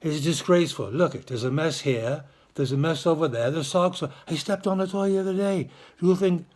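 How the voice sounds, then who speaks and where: A man's voice: a little high, fairly quick, darkish tone, natural voice. A man putting on an English accent to voice an exasperated parent scolding his kids about a messy room. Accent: put-on English. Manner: mock-stern, fussy scolding.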